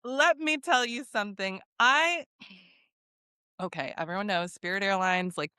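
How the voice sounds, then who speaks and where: Woman podcast host, lively storyteller who swears casually, dry close mic. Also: mid-range voice, unhurried, smooth, no room sound. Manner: animated storytelling, swearing freely, acts out quotes.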